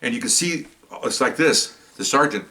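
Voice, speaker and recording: A man telling a police story in casual talk, acting out the people in it by jumping his pitch. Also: animated, moderate pace, sharp tone. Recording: voice a bit far from the mic.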